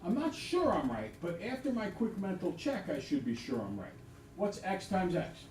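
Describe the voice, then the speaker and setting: A man teaching a math lesson to a class, quizzing students with quick questions in an upbeat way. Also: high voice, very animated, a little mellow. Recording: echoey classroom, distant mic, background noise.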